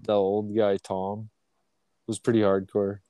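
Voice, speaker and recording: A Canadian man co-hosting a podcast tells long, meandering, profane stories in a casual chat, acting out the quotes. His voice is on the low side and warm, his delivery completely flat and unhurried, and the recording is dry.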